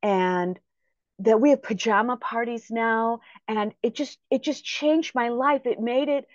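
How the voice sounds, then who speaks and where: A woman voicing a grateful, excited young father in a gushing retelling within her talk. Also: a little high, measured pace, no room sound, natural voice. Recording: dry, slightly muffled recording.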